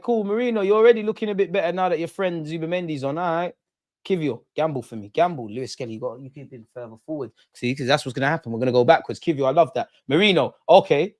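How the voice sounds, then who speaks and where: A young man hosts a live football watch-along, talking casually and reacting to the game as it unfolds. His voice sits a little high, and the recording is dry and close. He drifts between quiet muttering and loud outbursts at the play. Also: fast, no room sound. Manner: animated, swings from muttering to shouting at the ref.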